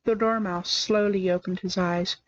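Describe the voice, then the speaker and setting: A woman narrating a storybook in a live reading, with an expressive, measured delivery. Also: medium pitch, no room sound. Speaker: storybook reader. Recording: dry, slightly muffled lo-fi sound.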